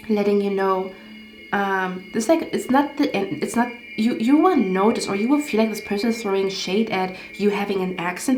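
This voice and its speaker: A woman's voice: medium pitch, a little mellow. A woman giving a casual tarot reading, rambling and getting heated, swearing often. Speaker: tarot card reader. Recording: echoey room, faint background music.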